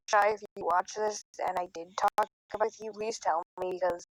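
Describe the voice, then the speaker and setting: A woman's voice: mid-range voice, no room sound, poor audio. Teen girl ranting a storytime into her phone, swears a ton, dry close sound. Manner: emotional, rambling, swears a lot. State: tearful at times. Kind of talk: casual storytime monologue. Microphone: phone recorder.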